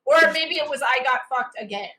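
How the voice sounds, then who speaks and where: A woman's voice: high-pitched, a little fast, pushed and bright, poor audio. A woman guest on a podcast in casual chat, candid and self-mocking, often breaking into laughs. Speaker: interview guest.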